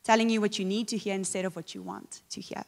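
A woman's voice: mid-range voice, fairly even intonation, fast, gravelly, big-room sound. A woman closing a sermon in an earnest, direct way. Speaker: preacher.

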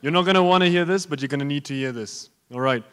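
Joking pastor preaching. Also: male voice, on the high side, quick pace, fairly bright tone, clear, resonant tone, big-room sound. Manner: joking, talks straight to the congregation. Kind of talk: sermon.

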